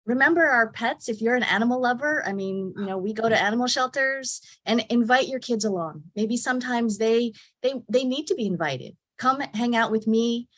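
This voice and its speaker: A woman on a webcast panel, speaking gently and encouragingly with parting advice. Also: on the high side, brisk, few pauses, no echo. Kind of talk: casual panel talk.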